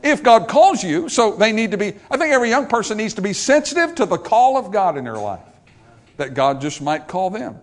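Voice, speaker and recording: A man's voice: high-pitched, sing-song, a little fast. An older man preaching a sermon as pastor, emphatic and repetitive, driving points home with rhetorical questions.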